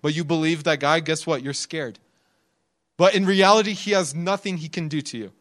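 Young male preacher, voice a bit on the high side, casual and storytelling, laughs between points. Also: moderate pace, a bit bright. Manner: conversational, laughs often, acts out quotes in the story. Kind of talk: sermon.

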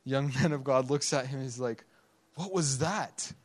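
A man's voice: medium pitch, moderate pace. A young man preaching a sermon in a conversational way, laughing often and acting out the people in his stories. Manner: conversational, laughs often, acts out quotes in the story.

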